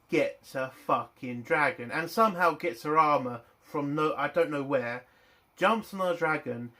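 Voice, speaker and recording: A man angrily ranting in a TV review vlog, swearing heavily and breaking into loud indignant bursts. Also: fairly high pitch. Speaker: TV review vlogger.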